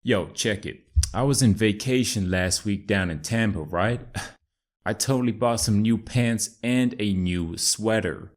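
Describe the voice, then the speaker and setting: A man's voice: fairly low pitch, unhurried, close to an everyday voice. Chad, a man putting on an American bro. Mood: upbeat. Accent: put-on American. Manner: slangy, excitable, calls everyone dude and bro. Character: laid-back young American bro named Chad.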